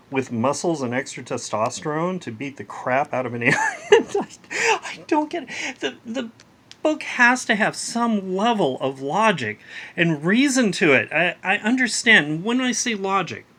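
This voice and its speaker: A man's voice: a little high, big pitch swings, moderate pace, bright, forceful tone. A man giving a casual spoken review of a comic book, exasperated and ranting, with wry laughs and frequent restarts.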